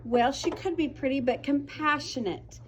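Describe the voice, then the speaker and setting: A young woman with a high voice teaches a classroom vocabulary lesson to children at a moderate pace. She is patient and encouraging and calls on pupils by name.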